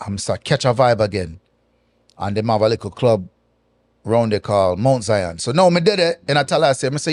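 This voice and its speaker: A man's voice: on the low side, no room sound. Man with speech. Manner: animated, patois-laced, drawn-out pauses. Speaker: guest. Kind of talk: casual storytelling interview.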